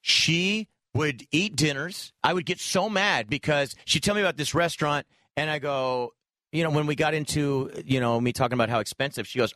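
A man hosting a radio show, chatting casually and telling stories with animated quoted voices. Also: fairly high pitch, fairly quick, no echo. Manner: animated storyteller, lively quoting voices. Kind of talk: casual morning radio banter.

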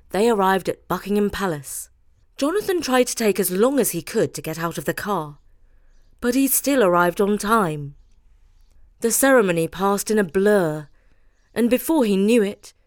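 A woman hosting a show, reading a children's story aloud in an expressive way. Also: mid-range voice, dry recording, studio quality. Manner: expressive, animated. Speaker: host reading children's stories.

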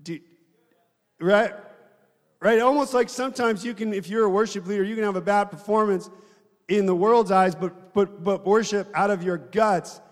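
A man's voice: high voice, moderate pace, long reverb tail. A man preaching a sermon in a conversational way, often asking the congregation questions.

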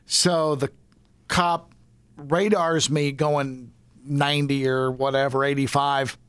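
A man's voice: mid-range voice, little pitch movement, slow pace, a bit bright, clear, resonant tone, dry recording. A middle-aged man, a radio host, telling a joking story in casual podcast chat.

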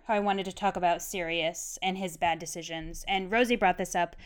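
Animated, analytical woman podcast host. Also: fairly low pitch, smooth. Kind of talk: casual discussion, reading excerpts.

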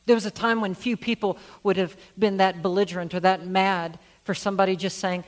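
A man's voice: high voice, little pitch movement, brisk. Earnest man preaching a sermon. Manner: earnest storytelling, repeats phrases for emphasis. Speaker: senior pastor.

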